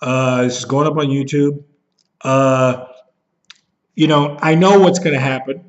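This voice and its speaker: Angry man ranting into a webcam, bitter and profane, mid-pitched, slightly dull lo-fi audio. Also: steady tone, measured pace. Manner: bitter, profane, jumps into mocking voices when he is upset. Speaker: vlogger. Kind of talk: angry rant to camera.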